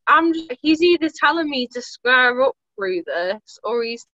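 High, lively, giggly woman. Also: unhurried, no room sound, lo-fi sound. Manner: emotional, giggly, dramatic. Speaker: podcast co-host. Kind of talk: casual chat.

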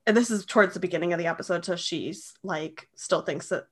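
A woman's voice: lowish voice, brisk, husky. A woman co-hosting a podcast, chatting casually and giggling as she recaps a show. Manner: chatty, many "like" fillers, giggly. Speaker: podcast co-host.

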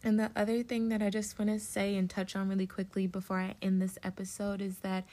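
A woman's voice: mid-range voice, little pitch movement, moderate pace, hardly any pauses, darkish tone. A woman in her twenties hosting a personal solo podcast, speaking heartfelt encouragement directly to the listener and getting a little emotional. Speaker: podcast host. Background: plane passing.

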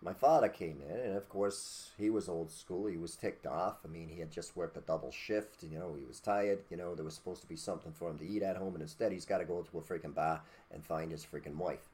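A man's voice: deep voice, a little fast, hardly any pauses, a little mellow. A man hosting a podcast, talking in a blunt, preachy, casual rant with mild cursing and a habit of asking "okay?". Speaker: podcast host.

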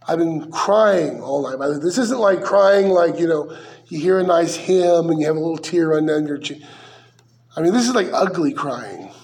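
Male pastor, high-pitched, conversational verse-by-verse sermon delivery with rhetorical questions. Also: darkish tone.

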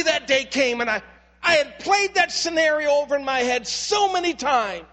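A man's voice: extremely high pitch, sharp tone. A lead pastor preaching an impassioned sermon in a church, earnestly repeating words as he builds and appealing straight to his listeners. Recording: long reverb of a large hall.

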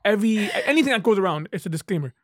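A man in a casual group chat who talks quickly and trips over his words, repeating himself as he goes. His voice sits mid-range and sounds close and dry. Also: sits high, animated, no room sound. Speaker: podcast co-host.

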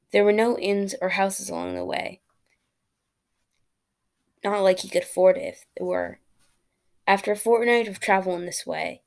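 A woman reading a fairy tale aloud as a storyteller, plain and steady, with small slips and restarts. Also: fairly low pitch, creaky.

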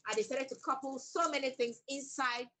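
A woman's voice: high voice, a little fast, pushed and bright, rough recording. A woman, an author, telling a story from her working life in an emphatic, bold way as an interview guest. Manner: emphatic, bold, laughs often. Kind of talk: animated storytelling in conversation.

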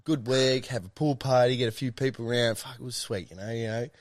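A man's voice: mid-range voice, fairly even intonation, fast, dry recording, studio quality. A young Australian man telling a rambling, swear-filled story in a casual chat.

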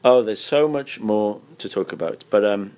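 Tired male host, low-pitched, laid-back and blunt. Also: moderate pace, a little mellow. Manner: blunt, swears freely, laughs often. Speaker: podcast host. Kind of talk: casual interview chat. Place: hotel room.

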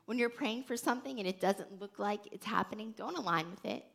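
A woman hosting a faith teaching podcast, telling stories in an earnest, animated way with many restarts. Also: mid-range voice, brisk, gravelly. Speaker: podcast host.

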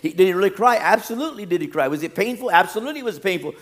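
A middle-aged man preaching a sermon as pastor, swinging from loud emphatic peaks to quiet low asides and jokes. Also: lively intonation, very fast.

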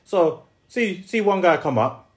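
A man's voice: high-pitched, lively intonation, unhurried. A young man with a London accent telling a story in casual, slangy podcast chat, repeating and restarting as he goes. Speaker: podcast co-host.

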